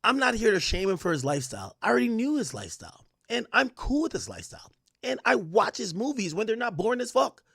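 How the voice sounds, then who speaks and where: This young adult livestreamer has a voice that sits high. Animated and slangy, he reads the chat out loud and launches into rants. His audio is clean studio sound with no room ambience.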